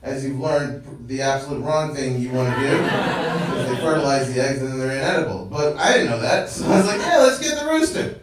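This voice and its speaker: A man from the United States doing stand-up storytelling in an animated, chuckling, conversational way at a live indoor event. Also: mid-range voice, fairly quick, distant mic, over a noisy crowd. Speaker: stand-up comedian. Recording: echoey room, mic from afar, ambient noise.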